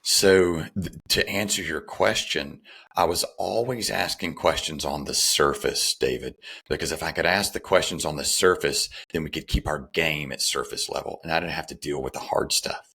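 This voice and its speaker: A man's voice: very deep voice, normal speed, gravelly, sharp tone, husky. A middle-aged man speaking as a podcast guest, telling a personal story in an earnest way and repeating phrases for emphasis. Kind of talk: conversational interview, personal story.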